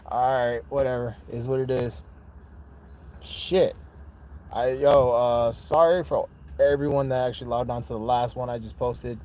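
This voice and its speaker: Holding his phone, this livestream host speaks a little slowly in a steady, mid-range, slightly mellow voice. He addresses viewers directly in a casual, profane chat that starts out frustrated and ends hyped.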